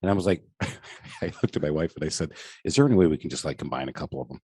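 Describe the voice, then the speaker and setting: A man's voice: a bass voice, racing, mellow, breathy edge, no echo. A middle-aged man from Michigan with a Michigan accent, hosting a casual podcast chat and telling jokey stories with acted-out voices. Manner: jokey storyteller who acts out quoted voices. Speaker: podcast host.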